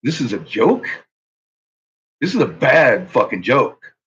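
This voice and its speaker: A man's voice: medium pitch, big pitch swings, slow pace, a bit bright, breathy edge, highs cut off. A man ranting angrily on his channel, swearing constantly and making heated threats. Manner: profane, heated, swaggering threats. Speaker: YouTuber. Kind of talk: angry ranting vlog.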